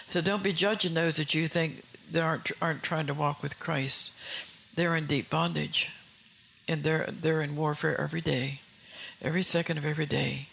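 A woman's voice: low-pitched, fairly even intonation, normal speed, gravelly, fairly bright tone, a little hiss or hum, rough recording. A woman preaching a sermon in an earnest way, often repeating and restarting phrases and putting questions to her listeners.

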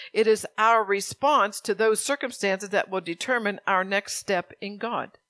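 A woman pastor preaching a sermon. She reads scripture slowly and earnestly and puts direct questions to her congregation. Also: mid-range voice, fairly bright tone, no echo.

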